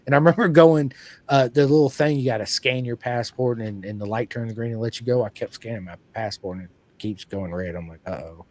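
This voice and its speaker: A man hosting a podcast in casual chat, an energetic storyteller who acts out quoted lines. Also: on the low side, brisk, few pauses, no room sound. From United States. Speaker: podcast host.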